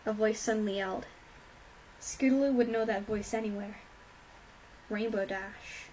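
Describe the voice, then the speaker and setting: A woman narrating a fan-fiction story aloud in a steady, plain reading voice with small slips. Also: mid-range voice, moderate pace, slight background noise, poor audio. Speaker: reader.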